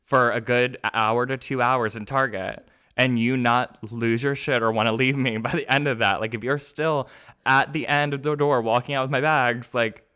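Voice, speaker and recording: A young man co-hosting a casual podcast, animated and rambling as he acts out his own dialogue and laughs often. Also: medium pitch, normal speed, smooth. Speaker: podcast co-host. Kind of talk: casual chat.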